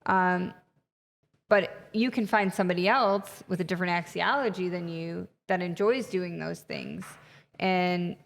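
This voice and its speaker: Gravelly-voiced woman in an echoey room. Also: fairly low pitch, unhurried. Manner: animated storyteller, many fillers. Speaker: podcast guest, retreat facilitator. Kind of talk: conversational interview. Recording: long reverb, echoey room.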